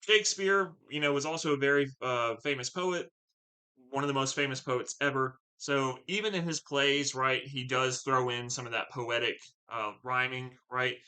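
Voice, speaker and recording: A man's voice: mid-range voice, normal speed, sharp tone, clear, resonant tone, low-quality recording. A man teaching a play, reading passages aloud and explaining them casually with lots of fillers and "right?".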